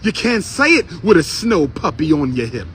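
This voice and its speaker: Man with a high voice doing a fired-up street speech, repeats every line for punch, faint traffic behind. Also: big pitch swings, normal speed, fairly bright tone. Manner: repeats lines for emphasis, preacher-like cadence. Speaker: street speaker. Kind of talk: fiery outdoor speech to a crowd. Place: outdoors on a city street by a historical marker.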